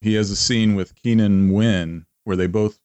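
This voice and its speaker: A man's voice: lowish voice, steady tone, unhurried, a little mellow, clean tone. A man co-hosting a podcast, casually sharing enthusiastic film-trivia anecdotes. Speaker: podcast co-host. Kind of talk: casual chat.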